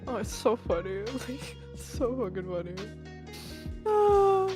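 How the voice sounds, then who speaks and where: A woman's voice: fairly high pitch, sing-song, unhurried, over music. A woman guest on a stream, chatting casually and reacting with laughs and exclamations.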